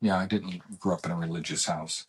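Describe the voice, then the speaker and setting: Man, podcast co-host, husky, supportive and affirming. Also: sits low, steady tone, fairly quick. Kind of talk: casual chat.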